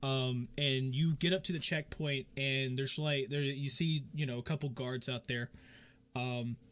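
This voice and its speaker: A man's voice: medium pitch, fairly even intonation, measured pace, a bit bright. A man narrating as game master, casual and filled with hesitations.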